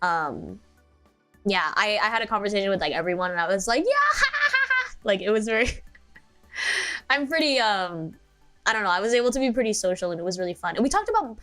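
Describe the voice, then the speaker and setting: A young woman chatting on a livestream. She rambles and giggles through her stories, leaning on filler words, at an ordinary pitch. Soft music plays faintly behind her. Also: expressive, fairly quick, long pauses. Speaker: VTuber streamer. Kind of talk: casual stream chat.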